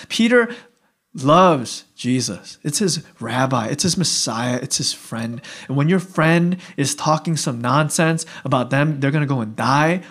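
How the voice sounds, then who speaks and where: A young man preaching a sermon in a casual, conversational way, often acting out what people would say. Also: sits high. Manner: animated, conversational, acting out dialogue. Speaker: pastor.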